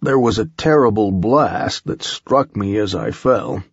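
A man reads a first-person audiobook in a slow, measured way, his fairly low voice rough with gravel and a husky edge. The sound is close and dry, with a dull, lo-fi tone. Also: no echo. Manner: measured, unhurried storytelling. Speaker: audiobook narrator.

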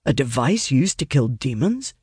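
A dour, brooding young fighter, as an audiobook reader puts him on, muttering terse and sarcastic answers in a slightly lowered voice. The read is dry and close, with no room sound. He sounds tired and unimpressed. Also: lively intonation, unhurried, a little mellow, dry recording. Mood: grudging. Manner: gruff and muttering, terse replies.

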